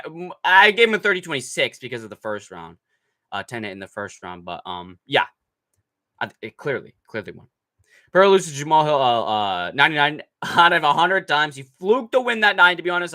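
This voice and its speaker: A young man talks on a live stream in a bright, forceful voice, a little higher than most men. He answers chat in a brash, mocking, profane way and sometimes breaks into shouts. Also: sing-song, a little fast. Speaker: livestream host reading chat. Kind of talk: casual livestream chat.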